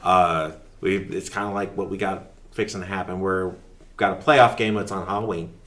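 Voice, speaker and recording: Low-voiced man telling a story. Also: fairly even intonation, normal speed, a bit bright, a little hiss or hum. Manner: rambling storyteller with restarts and quoted asides. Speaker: teacher and coach. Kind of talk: telling stories in a podcast interview.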